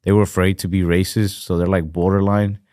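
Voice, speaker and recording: A man's voice: low-pitched, flat delivery, brisk, a little mellow, slight background noise. A man co-hosting a podcast in casual chat, rambling and swearing, full of fillers and hesitations. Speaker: podcast co-host.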